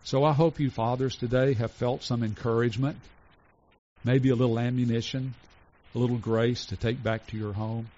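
A pastor preaching a sermon in an earnest way, slowing down to stress each item in a list and going soft for tender points. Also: male voice, medium pitch, steady tone. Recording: dull lo-fi recording.

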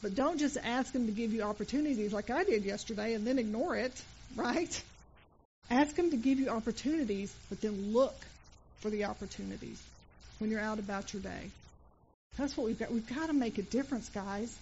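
A middle-aged woman gives a sermon, moving between casual storytelling and earnest appeals to her congregation. Her voice sits a little high. The church recording is muffled and lo-fi, with faint hiss underneath. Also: moderate pace, darkish tone. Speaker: preacher. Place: church sanctuary.

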